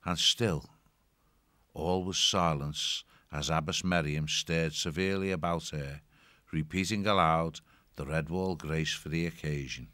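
A man narrating a storybook in a measured, descriptive reading. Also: very deep voice, steady tone, bright, forceful tone, no echo. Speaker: audiobook narrator.

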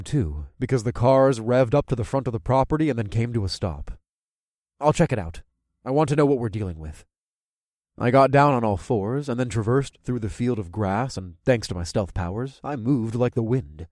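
Casting: male audiobook narrator, first-person, animated pitch, dry close mic. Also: dry recording.

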